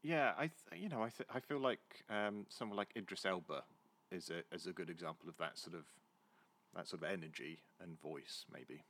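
A man with a Southwest London accent hosting a podcast, friendly and hesitant, with many fillers, his sentences trailing off quietly. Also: sits low, brisk. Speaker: podcast host. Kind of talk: casual chat.

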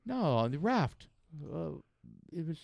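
A man's voice: fairly high pitch, very animated, unhurried, vocal fry, darkish tone, no echo. A jokey co-host whose voice swoops up and down as he agrees along and teases the others. He is recorded close and dry. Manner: agreeable, jokey, fills in with short affirmations. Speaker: podcast co-host. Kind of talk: casual banter.

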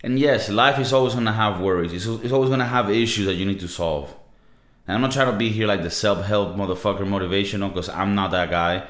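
A man's voice: on the low side, fast talker, a bit bright. Laid-back young man, Latin American accent. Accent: Latin American Spanish. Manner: laid-back, profane, slangy. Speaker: podcast host. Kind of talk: casual monologue. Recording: roomy echo.

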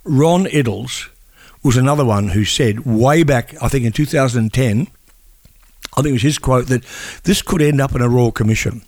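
A man's voice: mid-range voice, moderate pace, darkish tone, no room sound. Older man, reflective chat. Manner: reflective, repeats words while thinking. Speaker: veteran journalist and broadcaster. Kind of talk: casual chat.

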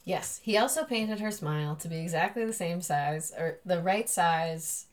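A woman's voice: fairly low pitch, moderate pace. A woman hosting a podcast, explaining a topic in casual, rambling chat. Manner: rambling, laughs often, uses filler "like". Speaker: podcast host.

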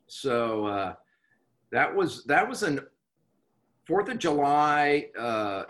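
Brief: middle-aged man, sharp bright voice, halting confessional storyteller. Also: medium pitch. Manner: halting, many restarts and fillers, wry. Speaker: recovering alcoholic guest. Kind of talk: candid personal recovery story.

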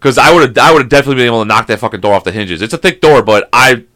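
A young man telling a story in casual chat, animated and swearing constantly. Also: medium pitch, very fast. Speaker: podcast co-host.

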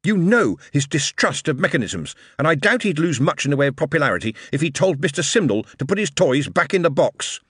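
A man's voice: mid-range voice, big pitch swings, normal speed, fairly bright tone, dry recording, clean studio sound, voice pushed up. A man voicing a glib, charming male showman who talks in a persuasive, theatrical, emphatic way. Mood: angry.

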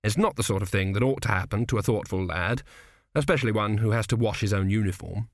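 A man reading an audiobook aloud in a measured, wry storytelling manner. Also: lowish voice, no room sound, studio quality. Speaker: audiobook narrator. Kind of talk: scripted narration.

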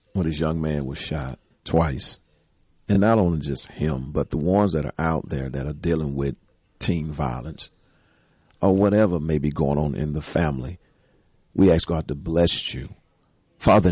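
A pastor leading a spoken prayer in an earnest, fervent manner. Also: male voice, extremely low pitch, darkish tone, husky, no room sound, clean studio sound. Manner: earnest, rising in fervor while praying.

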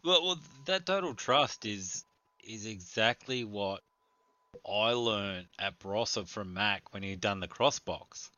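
A man's voice: on the low side, unhurried, pushed and bright, no room sound. A man co-hosting a casual podcast, telling stories with lots of animation and laughter. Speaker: podcast co-host. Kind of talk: casual storytelling chat. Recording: dull, lo-fi sound.

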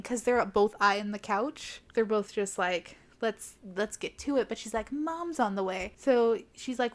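A young woman hosting a podcast, recapping a book in a sarcastic, casual way and acting out the characters' lines in quick asides. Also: mid-range voice. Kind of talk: casual comedic recap with quoted voices.

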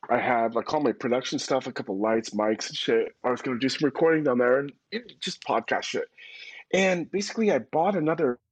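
A man as a podcast guest, telling stories in an animated, slangy way with casual swearing. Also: medium pitch, a little fast, slightly rough. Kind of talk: casual storytelling chat. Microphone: phone call-in.

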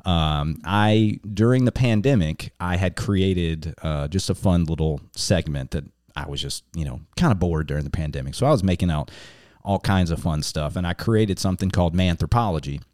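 A man's voice: low-pitched, moderate pace, darkish tone, no room sound, clean studio sound. A man hosting a podcast in casual chat who rambles, restarts himself and laughs often. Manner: rambling, self-interrupting and laughing. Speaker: podcast host.

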